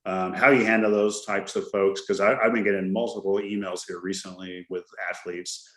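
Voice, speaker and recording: Middle-aged guy hosting a podcast, kinda low voice, jokey rambling storyteller, echoey room. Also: little pitch movement, normal speed, a bit bright. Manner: chatty storyteller, jokey and loose. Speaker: podcast host. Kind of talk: casual chat. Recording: roomy echo.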